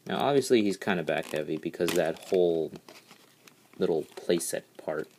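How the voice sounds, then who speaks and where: Eager and casual, this very low-voiced man rambles through transforming a custom toy at a normal speed. He repeatedly starts over with "all right, so" and gets excited in bursts, while faint hiss sits under the audio.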